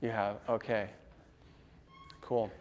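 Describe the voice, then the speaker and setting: A man's voice: on the low side, level tone, takes it slowly, lo-fi sound. A man presenting a casual workshop to a live audience, laughing often and quizzing the room.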